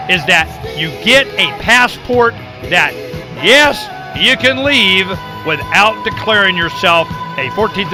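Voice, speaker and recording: A middle-aged man hosting a political talk show, speaking emphatically and acting out the people he quotes. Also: high-pitched. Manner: emphatic, acts out quoted people, repeats words when worked up.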